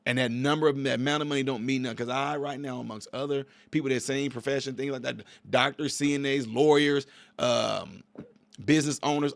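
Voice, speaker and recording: A man in his forties talks straight to his viewers in an emphatic, preachy way and comes back to the same points again and again. His voice sits at an ordinary pitch and sounds dry and close. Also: creaky, no echo. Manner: emphatic, preachy, repeats himself. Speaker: commentator reacting to a video clip. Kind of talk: opinionated reaction commentary.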